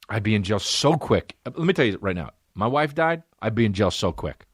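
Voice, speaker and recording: Animated, swearing podcast host, man. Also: fairly low pitch, brisk, hardly any pauses, slightly rough, dry recording, clean studio sound. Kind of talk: casual comic rant. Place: podcast studio.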